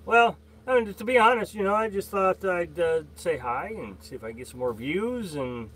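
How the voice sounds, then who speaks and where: A man with a notably high voice hosts an easygoing live stream, rambling and stopping to greet viewers one by one. He talks in halting, filler-heavy bursts, and a faint hiss sits under the recording. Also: expressive, fairly bright tone. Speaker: livestream host. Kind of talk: casual live-stream chat reading viewer comments.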